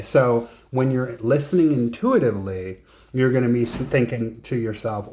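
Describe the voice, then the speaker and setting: A man's voice: medium pitch, moderate pace, dark tone. A man coaching in a casual, conversational lesson, emphatic and given to joking asides. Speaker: business and life coach.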